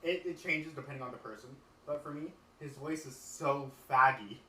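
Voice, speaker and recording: A man co-hosting a podcast in casual chat, blunt and sarcastic, speaking in a deliberately light voice. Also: medium pitch, pushed and bright, echoey room, recorded from a distance, poor audio. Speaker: podcast co-host.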